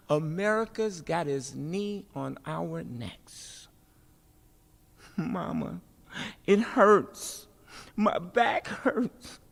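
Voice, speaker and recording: A woman performing spoken-word poetry with rhythmic, emphatic refrains and dramatic pauses, then speaking informally at a festival event. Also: mid-range voice, creaky. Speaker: poet and city politician speaking at a festival. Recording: long reverb of a large hall.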